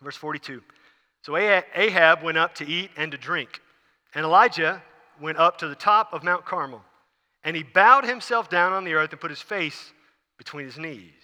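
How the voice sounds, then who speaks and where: A man preaches, his voice pitched high and pushed hard with a sharp, forceful edge. He tells the story in an animated way and acts out each scene. The sound rings with the long reverb of a large church hall. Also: normal speed. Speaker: pastor. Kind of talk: sermon.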